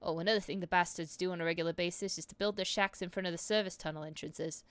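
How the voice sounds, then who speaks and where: A woman's voice: fairly low pitch, steady tone, fast talker, a bit bright, smooth, no room sound, lightly acted. A woman voicing a stern male enforcer captain, officious and scornful, reading game dialogue aloud in stiff formal speech.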